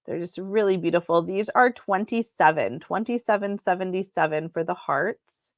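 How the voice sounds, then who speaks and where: A woman hosting a casual live sale of crystals from home, chatty and unhurried, with frequent ums. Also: on the low side, dry recording, clean studio sound.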